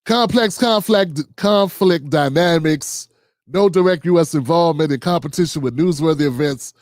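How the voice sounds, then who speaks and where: High-voiced man, heated commentary. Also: normal speed, no room sound, studio quality. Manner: heated, sarcastic, reads out notes and reacts. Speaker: livestream host. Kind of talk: political commentary livestream.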